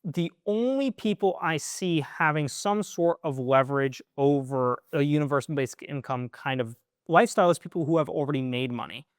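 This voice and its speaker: A man's voice: fairly high pitch, moderate pace, few pauses, smooth, no room sound, clean studio sound. A young man co-hosting a podcast in casual chat, musing aloud and posing questions with "right?" tags. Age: young adult. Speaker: podcast co-host.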